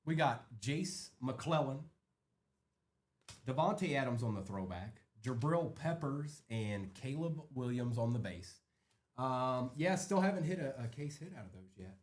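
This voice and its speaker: Host, male, animated casual delivery with lots of rise and fall, live card-break commentary. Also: mid-range voice, measured pace. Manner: lively, chatty, rattling off names.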